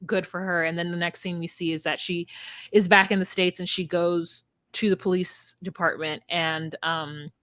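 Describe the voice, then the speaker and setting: A woman co-hosting a podcast, retelling and reacting in casual chat, emphatic and animated, with frequent fillers. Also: lowish voice, normal speed, dry recording.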